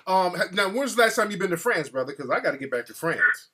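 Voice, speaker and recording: A man's voice: high-pitched, sing-song, fast talker, bright, forceful tone, slightly rough. Brash, teasing man hosting a call-in show. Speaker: host. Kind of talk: casual call-in chat.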